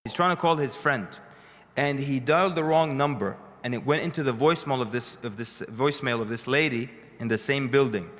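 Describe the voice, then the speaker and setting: A man's voice: mid-range voice, fairly quick, a bit bright. A man giving a lecture to a live audience, telling stories conversationally with dry humorous asides. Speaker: speaker addressing an audience. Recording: long reverb of a lecture hall.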